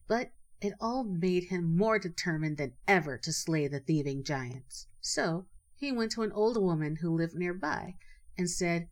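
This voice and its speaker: Woman storyteller, lowish voice, measured and expressive, reads a folk tale. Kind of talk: storybook narration.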